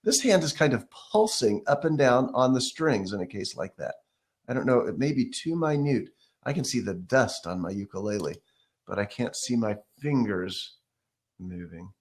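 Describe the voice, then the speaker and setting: A man's voice: medium pitch, moderate pace. Man teaching ukulele, counting beats. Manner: relaxed, explains step by step, counts beats aloud and scats rhythms. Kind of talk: casual music lesson. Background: ukulele playing.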